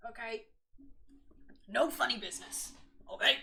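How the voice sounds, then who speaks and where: A woman streamer chatting excitably during a live game, swearing and laughing often. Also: a little high, unhurried, pauses often. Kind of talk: live stream chat while playing a game. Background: keyboard typing.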